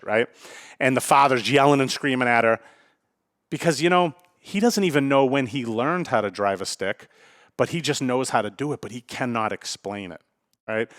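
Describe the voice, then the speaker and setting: A man talks through a solo podcast in a blunt, casual style. He keeps checking in with a quick "right?" and swears freely, at a middle pitch. The recording is dry and close. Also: a bit bright, no room sound. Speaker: podcast host.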